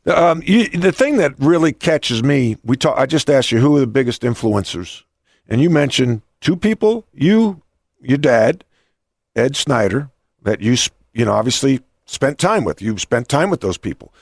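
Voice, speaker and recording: A man's voice: mid-range voice, very animated, moderate pace, vocal fry, no room sound, studio quality. A middle-aged man hosting an interview, telling stories with many restarts. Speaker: podcast host and coach. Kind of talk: conversational interview.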